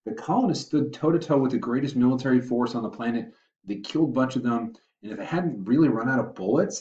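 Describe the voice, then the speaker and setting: A man's voice: lowish voice, a little mellow, distant mic. A man teaching a casual history review lesson, chatty and often correcting himself as he explains. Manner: chatty, self-correcting, uses asides and filler. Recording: muffled roomy audio from afar.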